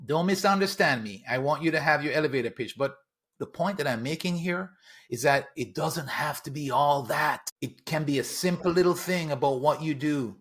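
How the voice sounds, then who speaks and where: A man's voice: on the high side, normal speed, fairly bright tone, husky. A man co-hosting a podcast, giving earnest advice directly to listeners. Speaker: podcast co-host. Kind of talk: casual podcast conversation.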